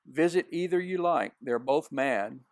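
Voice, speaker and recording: A man's voice: a little high, animated, unhurried, no room sound, clean studio sound. A man reading as a grinning, riddling cat. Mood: teasing. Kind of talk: storybook read-aloud.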